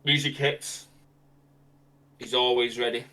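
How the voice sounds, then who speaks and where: A male podcast host spins a fantasy wrestling storyline, animated and improvising as he goes. His voice sits at a plain middle pitch. The delivery is loose and conversational. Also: takes it slowly.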